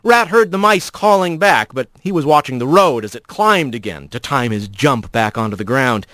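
A man narrating an audiobook in an expressive, animated storytelling manner. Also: mid-range voice, normal speed, no echo.

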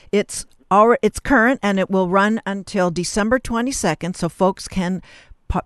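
A woman's voice: mid-range voice, dry recording, clean studio sound. A woman hosting an interview, chatty and enthusiastic, often restarting her sentences. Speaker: host. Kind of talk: casual interview talk.

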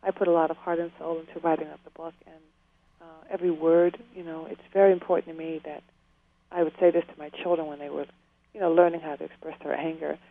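A woman's voice: low-pitched, little pitch movement, quick pace, creaky. Earnest woman on a tinny phone line. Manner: earnest, heartfelt, prone to tears and laughter. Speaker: guest, author. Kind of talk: emotional interview conversation.

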